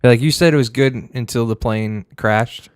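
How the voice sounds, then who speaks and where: A man's voice: medium pitch, normal speed, clear, resonant tone, no echo, clean studio sound. A man co-hosting a podcast, chatting casually with crude, teasing banter. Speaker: podcast co-host. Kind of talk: casual chat.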